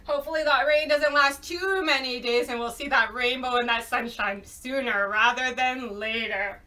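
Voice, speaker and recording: With a high-pitched, bright and pushed voice at normal speed, a young children's librarian runs a storytime for toddlers from home. She sings rhymes and praises the kids in a cheery sing-song manner, her voice picked up from a distant mic.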